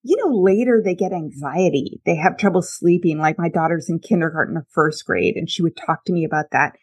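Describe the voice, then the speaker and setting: A woman's voice: on the low side, a little fast, darkish tone, slightly rough. A woman in her thirties telling personal stories candidly in a casual chat, with many fillers. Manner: candid, uses fillers, tells anecdotes.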